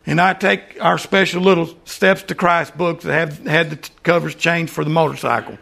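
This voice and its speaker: An older man preaching a sermon and then praying, earnest, often calling the listeners "friends" and dropping into soft asides. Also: on the high side, fairly even intonation, normal speed. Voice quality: gravelly. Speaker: lay preacher. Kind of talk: sermon and prayer.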